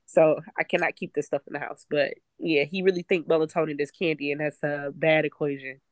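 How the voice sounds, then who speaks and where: A woman's voice: low-pitched, level tone, brisk, no echo. A woman co-hosting a podcast, chatting casually about parenting and rambling with lots of fillers and restarts. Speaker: podcast co-host. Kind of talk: casual chat.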